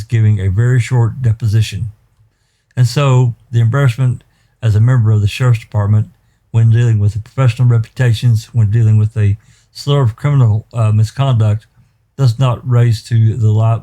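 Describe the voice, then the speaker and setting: A man prosecutor making a legal argument in a courtroom, measured and halting with fillers and self-corrections. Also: on the low side, mellow.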